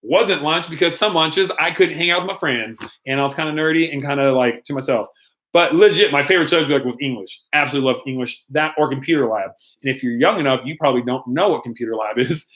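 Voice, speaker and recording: A man's voice: a little high, fast talker, fairly bright tone. Playful young man hosting a youth Q&A. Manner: playful, rambling, laughs often, lots of ums. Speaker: youth pastor. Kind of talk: casual live-stream Q&A.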